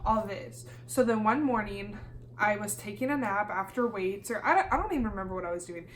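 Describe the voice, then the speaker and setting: A young woman from Kansas telling a storytime vlog in a lively, casual way, swearing freely and acting out the dialogue. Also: medium pitch, a little fast, slight background noise. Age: young adult. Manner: animated, swears freely, acts out quoted dialogue. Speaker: YouTuber.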